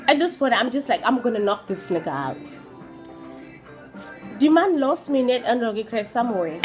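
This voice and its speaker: High-voiced Namibian woman telling a story. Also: moderate pace, faint music behind. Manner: animated, switches between English and Afrikaans, acts out quotes. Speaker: vlogger. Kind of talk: casual storytime.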